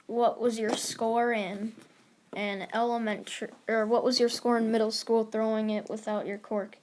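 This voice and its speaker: A stern, tired male hero teacher, voiced by a woman telling a fan story. He talks flat and curt, in a somewhat high voice. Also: moderate pace, natural voice.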